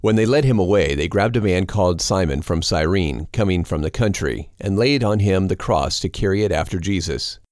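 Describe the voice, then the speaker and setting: Deep-voiced man reading scripture. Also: no room sound, studio quality. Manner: steady, measured reading. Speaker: audiobook narrator.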